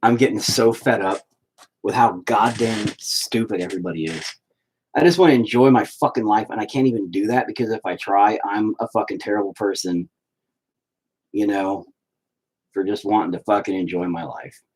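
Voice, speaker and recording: A man's voice: lowish voice, moderate pace, a little mellow, husky. A man hosting a live stream, chatting casually and rambling, with heavy swearing. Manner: profane, rambling.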